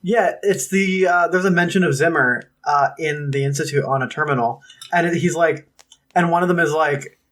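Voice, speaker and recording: A man co-hosting a podcast, chatting in a relaxed, easygoing way and dropping 'like' often. His voice sits a bit higher than most men's. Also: moderate pace. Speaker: podcast co-host. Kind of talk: casual podcast chat.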